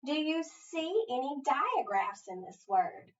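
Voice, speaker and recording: A woman's voice: sits high, sing-song. A woman teaching a phonics lesson, patiently asking questions and answering them herself. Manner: slow, patient, asks and answers her own questions. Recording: distant, echoey, dull room sound.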